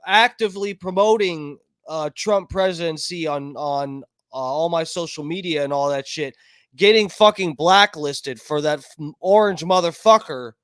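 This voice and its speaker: A man with a high voice delivers a heated, profanity-laced rant at an unhurried pace. He circles back over the same points and swears constantly. The sound is dry and close, with no room echo. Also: fairly bright tone. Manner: angry, profane, repetitive. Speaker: online commentator.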